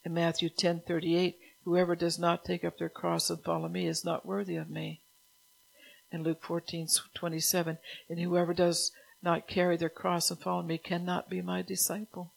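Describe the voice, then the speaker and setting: A woman preaching a sermon in a gravelly voice that slides into vocal fry. Her pitch stays flat and level as she passes on God's words in the first person and reads out scripture. She keeps breaking into casual asides to the congregation. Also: normal speed, rough recording.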